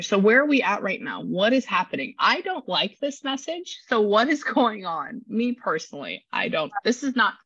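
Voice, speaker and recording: A woman giving a casual psychic reading, talking in an animated, rambling way full of exclamations. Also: medium pitch, moderate pace, hardly any pauses, breathy edge, no room sound, lo-fi sound. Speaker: psychic medium.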